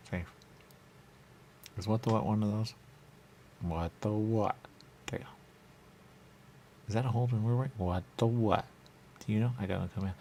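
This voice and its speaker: A man's voice: fairly low pitch, fairly even intonation, moderate pace, long pauses, mellow, slight background noise. A man hosting a radio talk show, bantering in a rambling, playful way full of repeated wordplay. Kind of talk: loose comedic studio banter. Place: radio studio.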